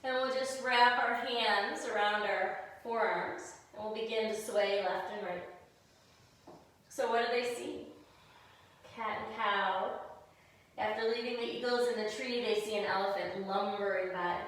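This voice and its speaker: A woman leading a kids' yoga class as a gentle story, mixing pose cues with storytelling. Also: mid-range voice, steady tone, unhurried. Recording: very echoey room, voice far from mic.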